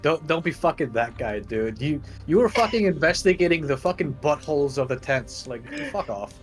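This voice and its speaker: A man's voice: on the high side, lively intonation, normal speed, soft background music. A man playing in a tabletop game, casual, brash and profane. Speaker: player.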